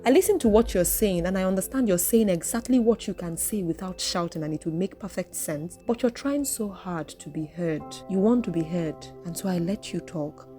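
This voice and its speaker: A woman hosting her own podcast, talking straight to listeners in an outspoken, expressive, preaching way. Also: on the low side, normal speed, hardly any pauses, soft background music. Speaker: podcast host. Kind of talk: reflective solo podcast monologue.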